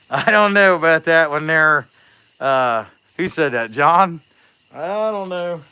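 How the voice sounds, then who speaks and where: Lively joking man. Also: fairly high pitch, slow, clean tone. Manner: rambling, joking, many fillers, lively storytelling. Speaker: chainsaw carver and livestream host. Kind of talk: casual livestream chat while working.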